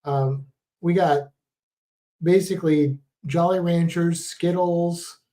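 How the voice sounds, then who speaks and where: A man's voice: fairly high pitch, steady tone, takes it slowly, mellow. A man co-hosting a casual livestream chat, rambling and correcting himself as he goes. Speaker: livestream co-host.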